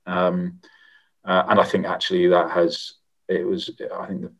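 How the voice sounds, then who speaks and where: A middle-aged man, a former member of parliament, answering interview questions in a measured, reflective way with frequent pauses and restarts. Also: low voice, little pitch movement, vocal fry. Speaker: former MP, guest.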